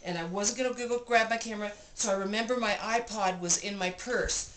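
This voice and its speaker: A woman's voice: mid-range voice, brisk. Woman telling a breathless story in a roomy cabin. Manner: animated, breathless retelling; repeats phrases for emphasis. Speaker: vlogger recounting an experience. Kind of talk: casual storytelling. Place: cabin room. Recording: roomy room with clear background noise.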